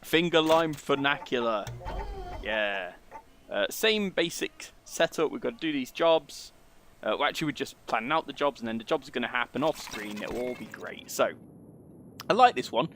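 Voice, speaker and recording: A man's voice: medium pitch, lively intonation, normal speed, a bit bright, a little hiss or hum. A man giving casual, rambling commentary as he plays through a game and reads its text aloud. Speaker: let's play gamer.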